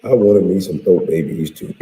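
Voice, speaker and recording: Profane, animated man ranting in an echoey room. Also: on the high side. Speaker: retired pro athlete. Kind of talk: casual rant to camera. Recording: echoey room with long reverb.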